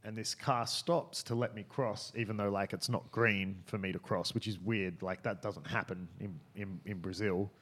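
A man's voice: lowish voice, steady tone, moderate pace, hardly any pauses, a bit bright, slightly rough. A man telling a story in casual podcast chat, rambling with many fillers and restarts.

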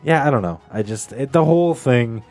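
Lively, animated guy chatting on a podcast. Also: mid-range voice, brisk, faint music behind. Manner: animated, laughs often, jokey asides. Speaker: podcast co-host. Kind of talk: casual chat.

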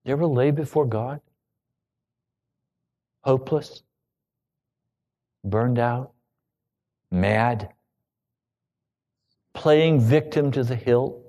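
A man preaching a sermon, telling a personal story with emotion that rises to loud pleading. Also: medium pitch, very slow, long pauses. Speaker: pastor.

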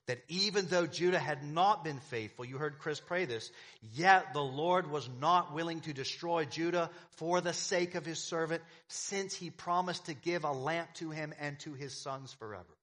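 A man's voice: fairly high pitch, moderate pace, few pauses, a bit bright. A man preaching a sermon as pastor, emphatic, with repeated phrases and rhetorical questions to the congregation.

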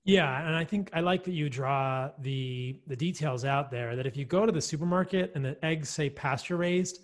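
A man with a fairly high voice is a guest expert in a conversational podcast interview. At a moderate pace he explains things at length, enthusiastic and chatty, with frequent fillers and laughs.

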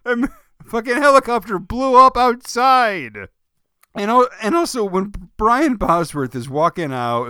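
A man with a high, bright voice riffs sarcastically in a casual movie-review chat, cursing and laughing as he goes. His tone is smooth and clear, recorded close and dry. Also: animated, unhurried, no room sound. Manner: sarcastic, swears freely, laughs often. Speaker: podcast co-host.

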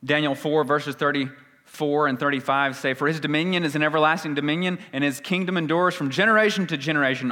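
A male pastor preaching a sermon, swinging between loud emphatic peaks and hushed, low phrases. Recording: long hall reverb.

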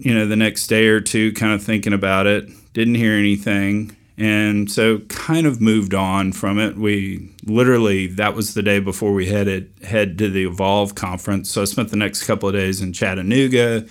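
A middle-aged man with a fairly low voice hosts a podcast and tells a long story. He keeps a dry, wry, deadpan manner throughout. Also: normal speed, hardly any pauses. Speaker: podcast host. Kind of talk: storytelling monologue.

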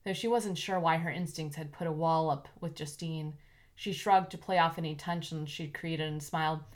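A woman narrating an audiobook in an even, measured way. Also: low-pitched.

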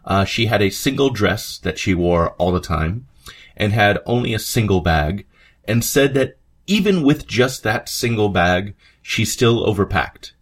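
In an expressive, unhurried, lowish voice, a man hosts a history podcast. The episode is scripted with read quotes, but his delivery feels conversational, full of asides and fillers.

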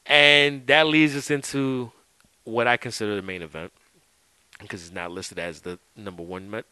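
Casual male podcast host; bright, smooth, dry close-mic sound, easygoing and profane. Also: lowish voice, fairly even intonation, moderate pace, no room sound, poor audio. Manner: laid-back, swears freely, lots of "like" and "dude". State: drinking while talking. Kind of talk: casual chat.

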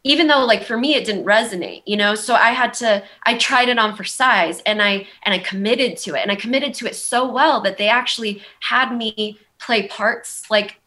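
A woman's voice: fairly high pitch, moderate pace, hardly any pauses, bright, forceful tone. A young woman with a Valley girl accent, telling her story in a rambling, candid way, full of "like" and "um". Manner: rambling, heavy use of "like" and "um". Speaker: guest.

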